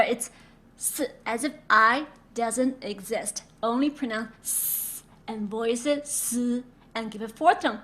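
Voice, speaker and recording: A woman from China teaching a Mandarin pronunciation lesson, drilling sounds slowly with repeated examples. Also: fairly high pitch, a bit bright. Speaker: Chinese language teacher.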